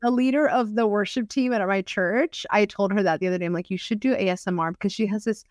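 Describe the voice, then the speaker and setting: A woman co-hosting a podcast in casual chat, animated, with quick laughs and lots of fillers. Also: medium pitch, no echo, clean studio sound. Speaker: podcast co-host.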